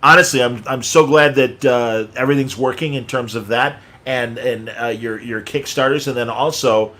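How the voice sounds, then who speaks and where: Excited host guy, bright voice, hyping up the guest. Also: medium pitch, moderate pace. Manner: enthusiastic, encouraging. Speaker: podcast host. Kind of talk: casual interview chat.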